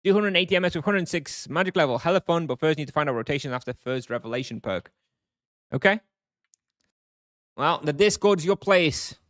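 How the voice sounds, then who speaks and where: A man's voice: fairly high pitch, expressive, a little fast, a bit bright, no room sound, clean studio sound. A man streaming a game live, chatting casually with his chat, thinking aloud with fillers and frequent chuckles.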